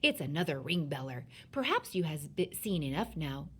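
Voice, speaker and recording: A woman reading aloud, voicing a big friendly male giant who speaks in gentle, broken grammar. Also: sits low, big pitch swings, breathy edge, heavily acted. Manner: mangled grammar, gentle and slow.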